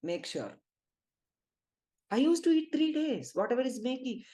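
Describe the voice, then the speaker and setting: A middle-aged woman with an Indian English accent, leading a spiritual teaching talk with lively, emphatic storytelling. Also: sits high, brisk. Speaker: spiritual healing group leader.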